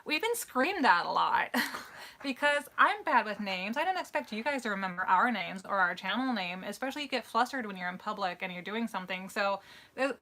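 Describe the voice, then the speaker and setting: A woman co-hosting a live Q&A stream, chatting casually and telling stories in an animated way with easy laughs. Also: a little high. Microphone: live-stream microphone.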